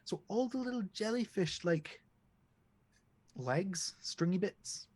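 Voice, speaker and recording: A man narrates a tabletop game as game master, fishing for words as he describes the scene. His voice is slightly husky and moves lively up and down. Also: sits high, slow. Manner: rambling, searching descriptive narration.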